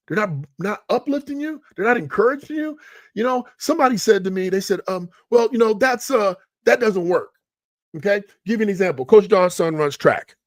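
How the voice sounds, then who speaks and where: A middle-aged man hosts a motivational live stream as a money coach, and his voice sits a little high for a man. He is punchy and emphatic and stacks repeated phrases. The sound is dry and close. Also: dry recording. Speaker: money coach and show host.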